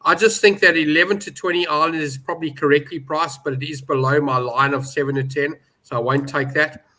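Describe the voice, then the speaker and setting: Bright-voiced emphatic man. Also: on the high side, steady tone, fairly quick. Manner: emphatic, indignant about odds, many restarts. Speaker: betting pundit. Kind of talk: animated panel discussion.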